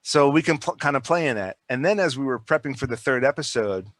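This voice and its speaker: A filmmaker guest on a podcast tells stories in a casual, rambling, animated way, often restarting and repeating words. His mid-range voice is brisk, with no echo.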